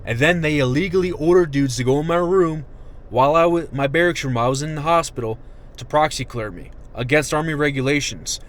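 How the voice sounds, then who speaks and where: A young man and army veteran venting in an angry, profane monologue that swings from shouting to muttering. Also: a little high, fairly quick.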